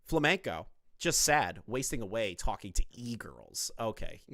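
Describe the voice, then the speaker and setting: A man's voice: medium pitch, very animated, unhurried, fairly bright tone, dry recording, clean studio sound. A man doing casual live-stream commentary on online drama, crude, profane and mocking in his delivery.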